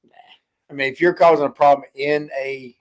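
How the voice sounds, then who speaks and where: A man with a somewhat high voice co-hosting a relaxed podcast. He stammers and restarts his sentences often and cuts in with short, skeptical replies. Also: a little fast. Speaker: podcast co-host. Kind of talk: casual chat.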